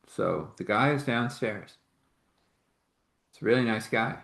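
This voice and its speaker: A man's voice: lowish voice, measured pace, vocal fry, fairly bright tone, roomy sound. A man casually telling a faith story, rambling along and acting out the dialogue of the people in it. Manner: rambling, acts out quoted dialogue.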